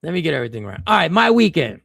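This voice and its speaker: Rambling through a personal story for viewers, this male stand-up comedian and stream host leans on slang and keeps restarting. He talks rapid-fire in a fairly high, sing-song voice that is a bit bright, with vocal fry, recorded dry in clean studio sound.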